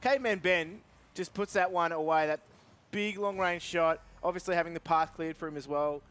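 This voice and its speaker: Upbeat esports play-by-play caller. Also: male voice, on the high side, normal speed, fairly bright tone. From Australia. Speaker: esports commentator.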